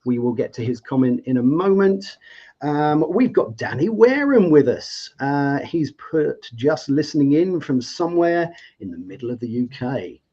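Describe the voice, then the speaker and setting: A man's voice: fairly high pitch, sing-song, moderate pace, mellow. A man hosting a live debate show, upbeat and chatty, with plenty of fillers and restarts. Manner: enthusiastic, lots of fillers and restarts. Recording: slightly dull lo-fi audio.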